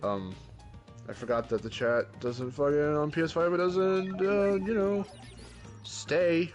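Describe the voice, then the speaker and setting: A man's voice: on the high side, steady tone, measured pace, a little mellow. Male streamer, casual chat, lots of giggles, faint game music underneath. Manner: giggly, chatty, readily laughing.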